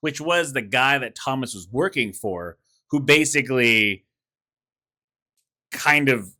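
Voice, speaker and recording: A man with a bright, forceful voice of ordinary pitch, chatting casually about a movie. He agrees readily and sums things up in short, easygoing remarks. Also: expressive. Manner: agreeable, chimes in with quick yeahs and summaries. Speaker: film review co-host. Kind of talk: casual film recap chat.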